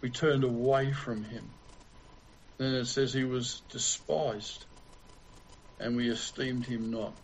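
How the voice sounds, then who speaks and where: A man preaching a sermon in a slow, deliberate way with long pauses. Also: medium pitch, fairly even intonation, a little hiss or hum, low-quality recording.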